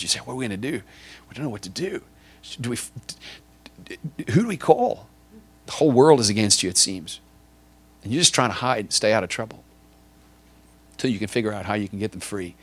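A man preaching a sermon, acting out a scene in vivid detail and often repeating or stumbling over words as he builds it. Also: on the low side. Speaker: pastor.

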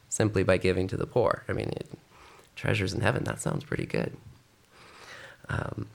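A man with a fairly low voice and vocal fry preaches a sermon expressively. He reads scripture aloud, then exhorts his congregation.

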